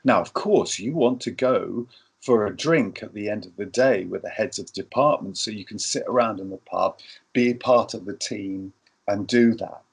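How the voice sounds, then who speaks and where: A man's voice: fairly low pitch, moderate pace, vocal fry, husky. A middle-aged man telling stories and giving advice on working in film, acting out the lines people say. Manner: storytelling, acts out quoted lines. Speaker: film industry guest. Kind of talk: advice talk.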